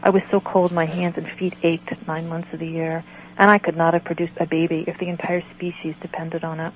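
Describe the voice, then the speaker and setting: A woman reading her own prose aloud in a measured, earnest way, then answering interview questions. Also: on the low side, little pitch movement. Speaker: author and guest. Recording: dull lo-fi sound with faint noise.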